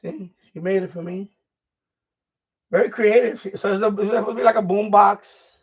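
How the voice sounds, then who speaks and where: This is a middle-aged man's high, breathy voice, delivered at normal speed with fairly even intonation. He's hosting a live stream while tidying his home studio, wandering around, breathless, rambling with lots of fillers and false starts. A far-off, muffled lo-fi mic captures him.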